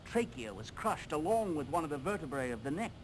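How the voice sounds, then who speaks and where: A jovial surgeon, game character, bouncy fairly high voice, noisy audio. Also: male voice, very animated, fast talker. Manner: joking, pleased with his own wit. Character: jovial upper-class male police surgeon.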